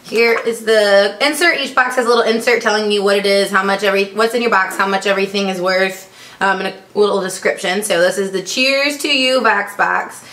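A woman's voice: medium pitch, brisk, fairly bright tone. A young woman chatting through an unboxing vlog, upbeat and full of ums. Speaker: vlogger. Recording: echoey room, faint noise.

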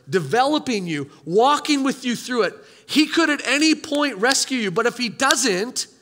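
A man with a high, bright voice preaches a sermon to his congregation, casual in tone but emphatic. He keeps turning to the room with rhetorical questions. The sound has the long, ringing reverb of a church hall. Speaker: pastor.

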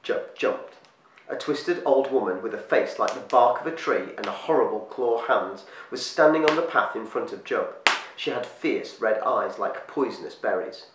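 A man reading a storybook aloud as storyteller, slowing and hushing his voice for eerie moments. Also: medium pitch, expressive. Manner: slows and hushes for eerie moments. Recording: echoey room, distant mic, faint hiss.

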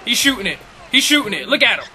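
Hyped young dude calling his own game, trash talking the other guy, bouncy high voice. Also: big pitch swings, fast talker, pushed and bright, a faint crowd. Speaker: gaming YouTuber. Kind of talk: live gameplay commentary.

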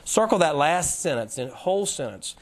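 An animated man leads a folksy, informal Bible lesson in lecture form. Each time he quotes scripture, he lowers his voice and slows his pace.

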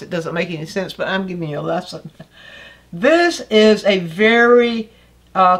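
An older woman, an art teacher, patiently explaining a painting in a lesson, often restarting phrases and pointing out parts of the picture. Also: mid-range voice.

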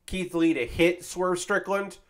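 Male streamer, loose casual chat, rambling and profane, somewhat high voice, eager and heartfelt. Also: level tone, unhurried. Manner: rambling, profane, enthusiastic about wrestling; frequent fillers and restarts, acts out quotes animatedly.

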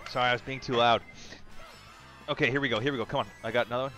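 A man casually chatting while streaming a kart racing game, excitable, swearing and shouting at the screen. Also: mid-range voice, rapid-fire, soft background music. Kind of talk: casual live gaming chat.

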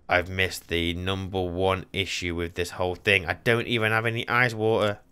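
A young man running frantic solo commentary on a game, talking to himself and repeating words fast. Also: deep voice, sharp tone, smooth. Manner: panicky, talks to himself, repeats words rapidly. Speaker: gaming channel host.

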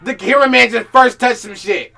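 A young man reacting to a video on a stream, talking casually with slang and swearing, loud and excitable. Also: extremely high pitch, fairly quick, creaky, heavy background noise.

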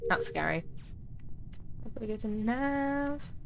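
A woman's voice: expressive, takes it slowly, vocal fry, background noise. A woman streaming a game, chatting casually with her viewers and teammates. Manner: chatty, talks to chat, voice jumps high when touched. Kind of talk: casual gaming livestream chat.

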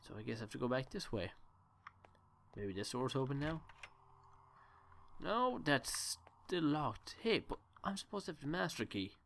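A man's voice: medium pitch, sing-song, normal speed, gravelly, long pauses, a bit bright, a little hiss or hum. A man giving joking, rambling commentary while playing a horror game, talking to himself. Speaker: let's play gamer. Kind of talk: gameplay commentary.

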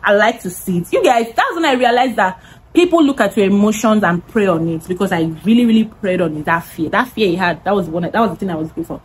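A woman's voice: medium pitch, expressive, fast, a little hiss or hum, low-quality recording. A young woman with a Nigerian accent telling a dramatic story-time vlog, full of repetition for emphasis. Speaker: vlogger.

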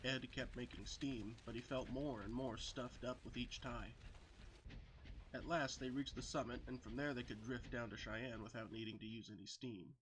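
A man's voice: medium pitch, fairly even intonation, normal speed, fairly bright tone, slight background noise. Man narrating a children's storybook tale. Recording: with background music.

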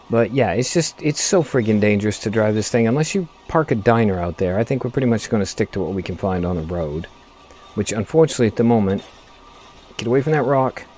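A man giving let's play commentary, excitable, swearing often and talking back to the game. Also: lowish voice. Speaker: gaming video host.

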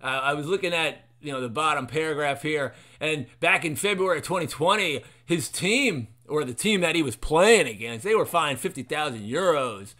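A man's voice: on the high side, lively intonation, normal speed, hardly any pauses, bright, forceful tone. A man hosting a talk show, rambling sarcastically with many fillers while reading from an article. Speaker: podcast host. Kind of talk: sarcastic solo commentary. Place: at his computer reading an article.

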